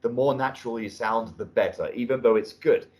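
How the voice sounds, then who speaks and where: A man's voice: medium pitch, brisk, muffled recording. A middle-aged British man giving spoken feedback as a speaking test examiner. He is encouraging and often restarts phrases. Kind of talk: spoken feedback on a mock exam. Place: indoor room at a language academy.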